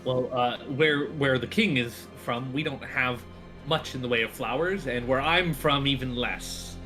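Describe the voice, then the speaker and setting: A man's voice: mid-range voice, measured pace, sharp tone. A man playing a tabletop game who speaks in character in a hesitant, stumbling way. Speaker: player. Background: faint music.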